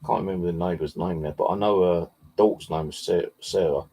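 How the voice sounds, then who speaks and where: Man, low husky voice, dark tone, casual sweary storytelling. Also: steady tone, a little fast. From Bexley, southeast London. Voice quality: deep gravelly husky voice. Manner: heavy swearing, rambling with fillers. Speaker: paranormal vlogger. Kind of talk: casual rambling anecdote.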